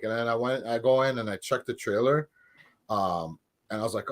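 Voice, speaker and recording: A man co-hosting a movie podcast in casual chat, relaxed and rambling with many fillers. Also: medium pitch, normal speed. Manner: relaxed, rambling, lots of likes and ums. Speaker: podcast co-host.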